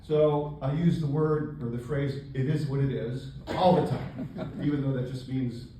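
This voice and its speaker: An older man performing a stand-up comedy set on a club stage, with a deadpan, self-mocking delivery. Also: medium pitch, normal speed, background noise. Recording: echoey live club, distant mic. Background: audience laughter.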